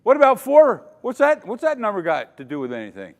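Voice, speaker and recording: A man's voice: sits high, huge pitch swings, brisk. Older man lecturing in a reverberant hall. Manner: dramatic, quizzes the audience. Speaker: safety trainer. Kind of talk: conference safety lecture. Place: conference hall.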